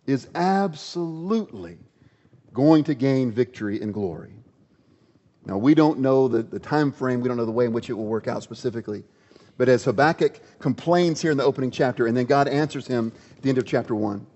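A man preaching a sermon in a conversational, animated storytelling way, in an echoey, dull-sounding hall. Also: medium pitch. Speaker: pastor.

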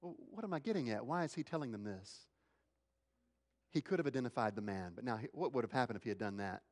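A male pastor preaching a sermon, swinging between emphatic, raised lines and hushed, slow ones. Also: mid-range voice, lively intonation, in a large hall.

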